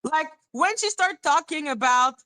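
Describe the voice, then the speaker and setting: Woman host, casual stream commentary; sharp forceful tone, fairly high voice, blunt and condescending. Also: lively intonation, unhurried. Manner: swears freely, repeats herself.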